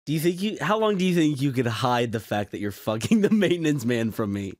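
A man's voice: mid-range voice, big pitch swings, a little fast. A young man co-hosting a casual podcast, teasing his co-host and laughing often.

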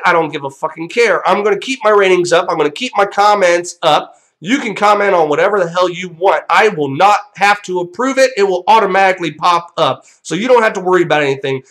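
A man's voice: sits high, a bit bright. A young man hosting a vlog, delivering a profane, combative rant straight to viewers. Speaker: channel host.

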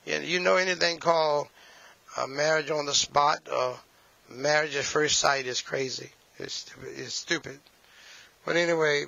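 A man's voice: on the high side, gravelly, sharp tone, dry recording, muffled recording. A man preaching a sermon, emphatic and repetitive, with folksy asides.

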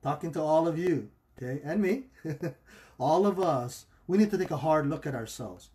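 A man's voice: fairly high pitch, moderate pace. A man teaching as a pastor in a livestreamed talk on marriage, conversational, often stopping to ask "okay?" and acting out the excuses people make. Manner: acts out quoted excuses in animated voices.

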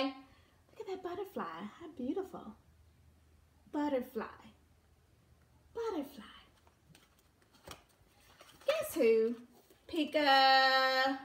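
A woman's voice: sits high, pushed and bright, reverberant. A woman preschool teacher reading a picture book aloud to young children, sing-song and exaggerated, coaxing them to join in. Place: room at home.

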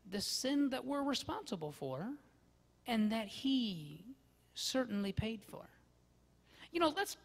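A man preaching a sermon from a church, swinging between loud emphasis and hushed asides. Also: very high-pitched, creaky. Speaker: pastor. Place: church sanctuary. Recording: long church-hall reverb.

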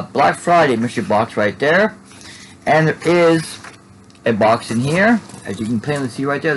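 A man's voice: a little high, a little hiss or hum, poor audio. A man casually narrating an unboxing at home, rambling and tacking "there" onto his sentences. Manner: rambling, repeats "there" and restarts often. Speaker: Funko collector vlogger.

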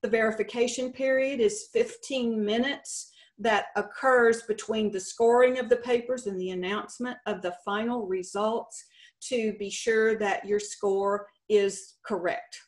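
A woman's voice: fairly high pitch, fairly even intonation, unhurried. A middle-aged woman with a Texan accent, a state contest director giving a folksy, lightly humorous conference presentation. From Texas.

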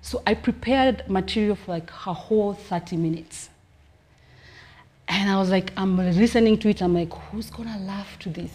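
Lively Kenyan woman comedian. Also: medium pitch, normal speed. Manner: lively storytelling, laughing often. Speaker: comedian guest. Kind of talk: casual interview chat.

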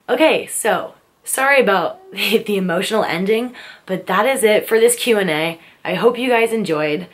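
A woman's voice: medium pitch, animated, normal speed. Chatty young woman vlogging. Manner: chatty, many "like" fillers. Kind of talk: casual Q&A vlog.

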